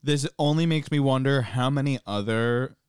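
A man's voice: mid-range voice, normal speed, smooth, dry recording, clean studio sound. A man chatting casually as a podcast co-host, rambling into tangents and swearing now and then.

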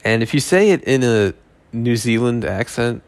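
A man's voice: medium pitch, animated, moderate pace, no echo. A man hosting his own podcast, rambling casually with profane, joking asides. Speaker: podcast host. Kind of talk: casual solo podcast chat.

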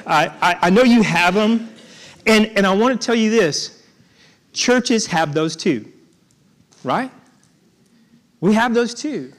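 A man preaching, his voice sitting somewhat high for a man. He tells his story in a halting way, doubling back on words and stopping to joke with the congregation. His delivery is casual and conversational rather than polished. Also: expressive. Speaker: guest preacher. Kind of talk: storytelling sermon.

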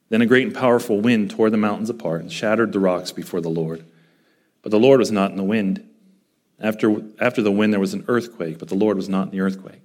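A man preaching a sermon, reading scripture aloud and breaking it open with emphatic rhetorical questions. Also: fairly low pitch. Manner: reads scripture aloud between explanations. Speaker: pastor.

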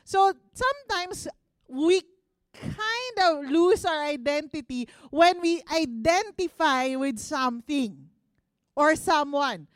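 A woman's voice: high voice, expressive, takes it slowly, dry recording, studio quality. A woman pastor with a Filipino accent giving a conversational sermon, putting questions to the congregation. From Philippines. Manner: conversational, mixes Tagalog into English, asks the congregation questions. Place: church service.

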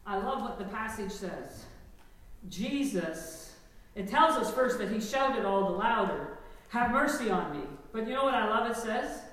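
A woman pastor preaching a lively sermon, engaging her congregation with call-and-response. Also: on the high side, unhurried, far from the mic. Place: church sanctuary. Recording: echoey hall, mic from afar.

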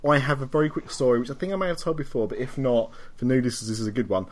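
A man's voice: mid-range voice, very fast. Chatty man hosting, laughing often. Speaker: podcast host. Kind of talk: casual chat.

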